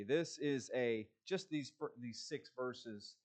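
A man's voice: medium pitch, slow, few pauses, darkish tone. A man preaching a conversational sermon, folksy and chatty, with frequent fillers and restarts. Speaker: pastor.

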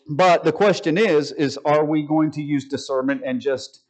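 A man's voice: a little high, moderate pace, low-quality recording. A man preaching a sermon from the pulpit, folksy and joking with the congregation. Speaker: pastor. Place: church sanctuary.

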